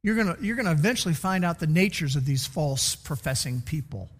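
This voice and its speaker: A man's voice: a little high, lively intonation, brisk, in a large hall. A man preaching a sermon as pastor, teaching and repeating key words for emphasis.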